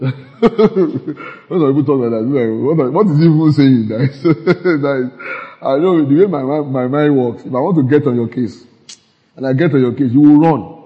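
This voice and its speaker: Muffled and echoing with long hall reverb, the recording carries a medium-pitched pastor talking at a moderate pace. His sermon is laid-back and conversational, full of laughter and checks on whether his listeners are keeping up.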